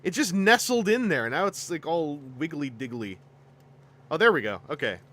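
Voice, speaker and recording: Animated, bright-voiced man streaming. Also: fairly high pitch, normal speed. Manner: animated, laughs often, rambling asides. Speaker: toy collecting streamer. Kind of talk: casual livestream chat.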